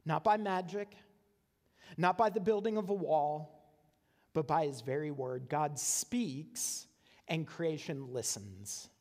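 A male pastor preaches a conversational sermon in a church sanctuary, frequently checking in with the congregation by asking "right?". His voice is a little high and a little mellow, delivered at a slow pace with a long reverb tail.

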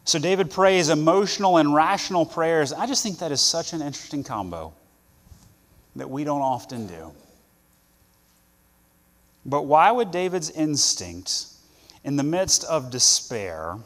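A man preaching a sermon to students, earnest, with loud stresses and soft asides. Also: on the high side, sing-song, takes it slowly, long pauses, in a large hall.

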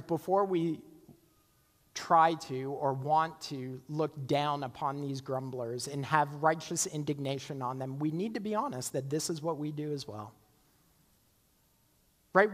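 A man with a fairly high voice delivers a sermon in a conversational way, throwing rhetorical questions at his listeners. He slips into the voices of complaining workers. His words ring out with a long reverb, as if in a large hall. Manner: conversational, rhetorical questions, acts out quoted grumbling. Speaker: pastor.

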